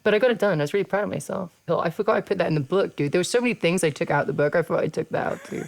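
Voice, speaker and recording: A woman's voice: fairly low pitch, lively intonation, racing, gravelly, a little mellow, a little hiss or hum. A woman with an English accent in her thirties, hosting a casual chat, blunt and laid-back, swearing freely. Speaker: podcast host and wrestler.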